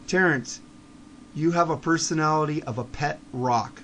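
A man with a high-pitched voice rants on his podcast, blunt and profane. He drops into low mutters, then builds to heated shouting, with faint ambient noise behind him. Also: normal speed. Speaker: podcast host. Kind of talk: ranting monologue.

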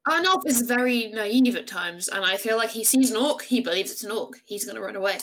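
A woman's voice: a little high, lively intonation, fairly quick, a bit bright. Giggly woman at a tabletop game. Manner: giggly, self-deprecating. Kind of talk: casual tabletop role-play.

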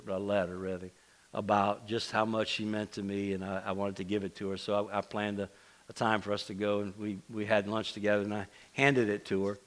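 A middle-aged pastor preaches a casual, conversational sermon to his congregation in a church sanctuary, often restarting and making self-deprecating asides. His voice sits lowish and has a fairly bright tone.

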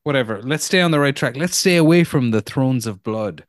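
A man's voice: mid-range voice, expressive, a little fast, dry recording, clean studio sound. Laid-back man joking on a podcast. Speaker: podcast co-host. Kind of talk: casual chat.

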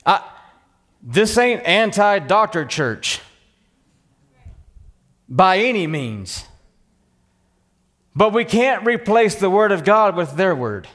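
A Texan man preaches in a high, ringing voice, full of fire and conviction. His words carry a long echo through a church hall. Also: sing-song, slow pace, long pauses, fairly bright tone. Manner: passionate, fiery preaching. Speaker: pastor. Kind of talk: sermon.

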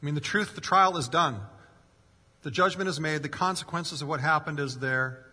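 A male pastor preaches earnestly in a church sanctuary, his fairly high voice pushed and bright at a moderate pace. He rises in force for emphasis and acts out quoted voices, with long hall reverb on the recording.

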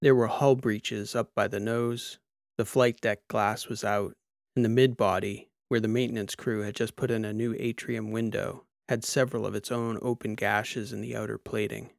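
A man reading a sci-fi short story as narrator, in a measured, steady way. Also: fairly low pitch, vocal fry, no echo, studio quality. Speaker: audiobook narrator. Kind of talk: scripted narration.

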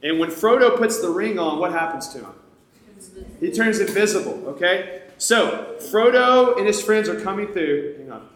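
Conversational male preacher, slightly high voice, roomy echo, talks right to the crowd. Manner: conversational, addresses the audience directly. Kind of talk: sermon storytelling. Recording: echoey room.

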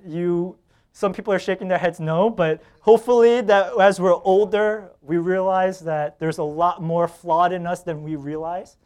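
A pastor preaches a sermon, telling a personal story with quoted dialogue and laughter, swinging between loud bursts and hushed lines. His voice is high-pitched and smooth.

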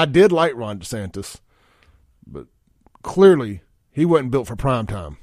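A man with a drawl hosting a talk radio show, talking in a blunt, folksy way and reading listener texts aloud. His voice sits at an ordinary middle pitch, recorded close on a studio microphone in a dry, dead room. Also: no echo. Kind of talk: opinionated talk radio monologue.

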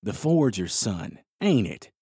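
A man voicing a smug, menacing male outlaw who talks in a low, slow drawl. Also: sing-song, dark tone, slightly rough, dry recording, studio quality, full character voice.

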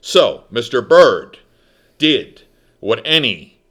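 A man from the United States hosting a talk show, telling a story in a theatrical, emphatic monologue that swings between loud and soft. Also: mid-range voice, very animated, slow pace. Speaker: talk radio host.

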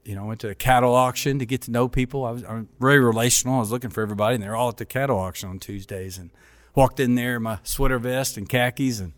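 A middle-aged man, a pastor, tells a funny story with animated energy and acts out the voices of the people in it. His voice sits at an ordinary pitch. The sound is dry and close, with no room in it. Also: rapid-fire, no echo. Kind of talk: storytelling in casual chat.

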